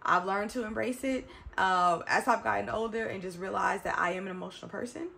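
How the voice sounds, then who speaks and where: Gravelly chatty woman in her thirties. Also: medium pitch, brisk, a bit bright, a little hiss or hum. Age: 30s. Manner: chatty, emphatic, addresses viewers as y'all. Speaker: vlogger. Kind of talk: reflective casual talk to camera.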